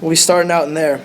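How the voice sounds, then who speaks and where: A young man giving a short lesson in a church sanctuary, speaking in a nervous, halting way and restarting his sentences often. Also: fairly high pitch, slight background noise. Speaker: lay preacher.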